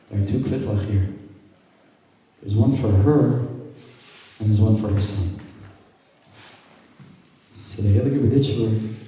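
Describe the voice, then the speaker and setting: A male rabbi with a deep, very mellow voice tells a story and acts out each character's lines, sometimes sinking to a hush. He sounds distant, picked up from across a large hall. The room adds a heavy, long-ringing echo with faint noise underneath. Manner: acts out quoted dialogue, drops to hushed tones. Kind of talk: storytelling talk at a gathering. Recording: echoey hall from far off.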